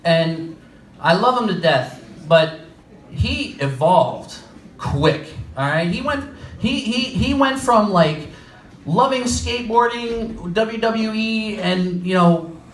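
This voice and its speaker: A young man with a New York accent works through a stand-up set, his voice set high for a man. He throws himself into the quoted lines with animated energy. The sound comes from off the mic, with the echo of a small comedy club around it. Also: takes it slowly, distant mic, a little hiss or hum.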